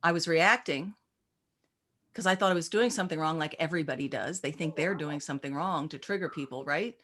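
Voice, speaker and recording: Lower-voiced woman telling lively stories. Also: brisk, slight background noise. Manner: animated, acts out quoted voices, frequent restarts. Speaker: EFT practitioner and teacher. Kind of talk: casual interview storytelling.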